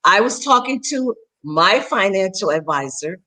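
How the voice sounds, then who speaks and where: A woman co-host and church elder tells a story on a video call, lively and dramatic. She acts out each quote with big jumps in her voice and keeps a conversational, church-inflected warmth in her delivery. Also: mid-range voice, unhurried, slight background noise. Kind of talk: animated storytelling.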